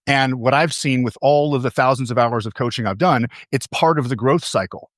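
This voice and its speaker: A man's voice: medium pitch, moderate pace, fairly bright tone, no room sound, clean studio sound. A man giving a motivational stage talk as a coach. He tells stories, asks the audience questions and repeats key phrases for emphasis.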